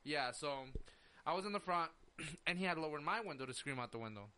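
A man's voice: a little high, a little fast, a little hiss or hum. A young man on a podcast telling a story in casual chat, full of "like" and acted-out quotes. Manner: animated storyteller acting out quotes, lots of "like". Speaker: podcast host.

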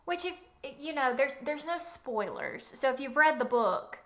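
A woman's voice: high-pitched, animated, unhurried, a bit bright. A young woman co-hosting a podcast in casual book-discussion chat, chatty and laughing often, with fillers. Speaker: podcast co-host.

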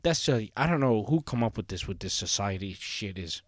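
A man's voice: lowish voice, animated, moderate pace, no echo, studio quality. A man hosting his own solo podcast, talking casually in a rambling, profane way with many fillers. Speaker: podcast host.

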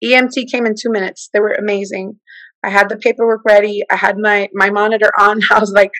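A woman in her forties tells a personal story with lively energy. She slips into the voices of the people she quotes as she talks. Her voice sits at a middle pitch, in a dry, close recording. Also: quick pace, no room sound, poor audio. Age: 40s. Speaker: guest. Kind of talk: personal testimony in conversation.

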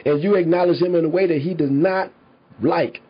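Heated husky man ranting. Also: on the high side, fairly quick. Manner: heated, emphatic, swears constantly, laughs between points. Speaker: commentary podcaster. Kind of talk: profane rant to viewers. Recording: slightly dull lo-fi sound.

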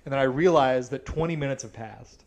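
Fast-talking, exasperated male podcast storyteller. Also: mid-range voice, darkish tone. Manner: profane, exasperated storytelling with frequent swearing. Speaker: podcast co-host. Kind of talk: casual storytelling chat.

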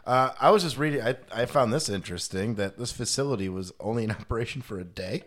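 A mid-pitched man chats casually as a podcast co-host. He jokes, laughs often and swears freely. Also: quick pace.

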